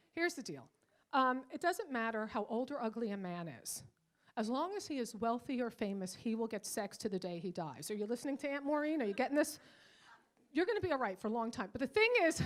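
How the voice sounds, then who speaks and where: An older woman doing a bawdy stand-up comedy set, brash and teasing, swinging between loud outbursts and quiet asides. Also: a little high. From Irish. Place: comedy club stage.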